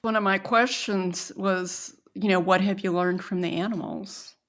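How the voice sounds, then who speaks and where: Woman host, medium pitch, thoughtful and unhurried. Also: steady tone, fairly bright tone. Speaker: podcast host. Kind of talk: conversational interview.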